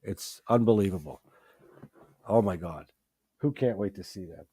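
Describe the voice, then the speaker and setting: A man hosting a live stream, talking excitedly about his favourite rock albums, swearing freely and often restarting his sentences. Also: sits low, normal speed, breathy edge, dry recording. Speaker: host. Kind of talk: live-stream music chat.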